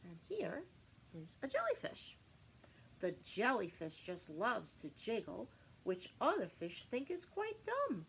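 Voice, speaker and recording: A woman teacher reads a rhyming picture book aloud to young children. Her voice is animated and singsong, with a very lively, swooping pitch. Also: takes it slowly, slight background noise, poor audio.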